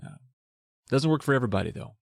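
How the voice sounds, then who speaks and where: A man's voice: mid-range voice, lively intonation, quick pace, gravelly, dry recording, clean studio sound. A man co-hosting a casual book podcast, summarizing the plot with wry humor. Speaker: podcast co-host.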